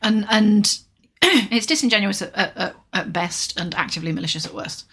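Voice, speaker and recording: A woman co-hosting a podcast, speaking in a measured, analytical, dry way. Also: medium pitch, animated, a bit bright, husky. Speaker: podcast co-host. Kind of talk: casual podcast discussion.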